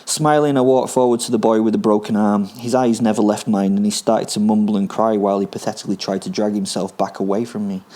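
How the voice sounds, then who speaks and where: A man's voice: lowish voice, steady tone, fast talker, hardly any pauses, warm tone. A man reading his own first-person story, gleefully menacing and darkly amused.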